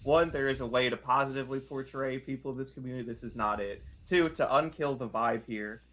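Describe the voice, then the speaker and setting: A man co-hosting a podcast, offering measured, earnest commentary in casual chat. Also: mid-range voice, fairly even intonation, fairly bright tone. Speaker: podcast co-host.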